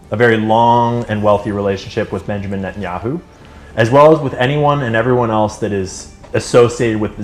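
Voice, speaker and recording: A man explaining things in a conversational way, with quick asides. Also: fairly low pitch, fairly bright tone. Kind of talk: explanatory commentary.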